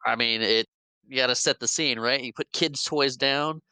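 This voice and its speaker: A man's voice: medium pitch, bright, forceful tone, smooth. A man co-hosting a movie podcast, chatting casually and laughing along. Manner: easygoing, quick to laugh along. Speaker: podcast co-host. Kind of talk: casual movie review chat.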